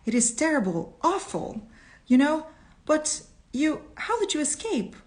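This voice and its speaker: A woman's voice: high voice, very animated, a little slow, a little mellow, pitched above the performer's own voice. A woman voicing an agitated, suspicious young man in a read-aloud story, talking with a raised, urgent voice that stammers. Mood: anxious.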